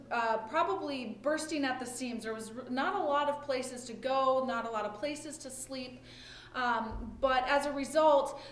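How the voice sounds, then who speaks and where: A woman pastor giving a conversational sermon, often checking in with "right?" and thinking aloud as she retells the story. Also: high-pitched. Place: church or home during lockdown worship. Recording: echoey room with faint ambience.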